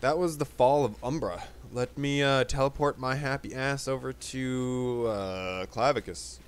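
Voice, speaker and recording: A man's voice: medium pitch, unhurried, a little hiss or hum. A man hosting a casual let's play, commenting loosely and swearing freely as he plays. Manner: loose, profane, chatty.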